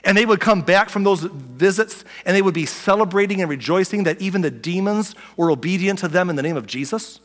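Conversational pastor in a big echoing hall. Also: male voice, sits high, animated, brisk, hardly any pauses, faint music behind. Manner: conversational, swings from loud to near-whispered. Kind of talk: sermon.

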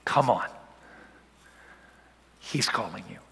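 A man preaching a sermon, swinging from soft whispers to loud, urgent calls. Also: mid-range voice, very animated, slow pace, creaky, long pauses, breathy edge, big-room sound. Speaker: pastor.

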